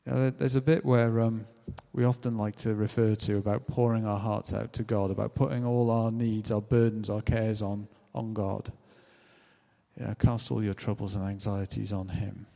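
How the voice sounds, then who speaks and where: A British man preaching a sermon in a chatty, animated way, acting out quotes as he tells stories. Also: lowish voice, normal speed, gravelly, in a large hall. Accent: British English. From Britain. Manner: conversational, animated storytelling with acted-out quotes.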